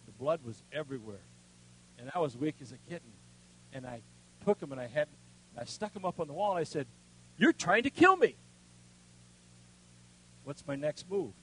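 An older man preaching a sermon, with a voice pitched a little high for a man. He tells his story in a folksy way, sinking quiet and then swelling loud. A faint hum runs under the recording. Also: poor audio. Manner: folksy storytelling with strong swings between hushed and loud. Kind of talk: sermon with personal testimony.

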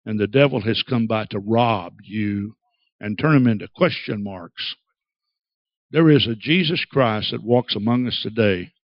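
A man preaching a sermon, dramatic and acting out quoted voices with big swings in pitch. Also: dry recording, muffled recording. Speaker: pastor.

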